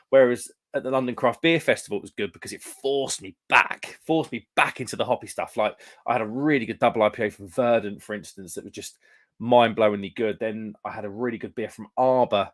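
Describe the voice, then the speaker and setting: Young British man, rambling live stream host, casual beer-chat delivery. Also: fairly low pitch. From United Kingdom. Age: young adult. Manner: rambling, chatty, lots of fillers and restarts.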